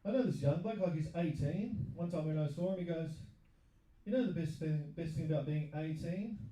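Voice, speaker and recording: A man from New Zealand doing stand-up, firing off deadpan one-liners. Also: a little high, moderate pace, distant mic. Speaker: stand-up comedian. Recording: echoey room.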